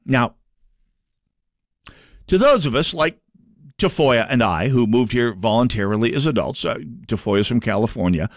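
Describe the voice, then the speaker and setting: A man from North Dakota hosting a talk radio show, sardonic and halting, with mocking asides. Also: medium pitch, lively intonation, no echo, clean studio sound. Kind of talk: opinionated talk radio monologue.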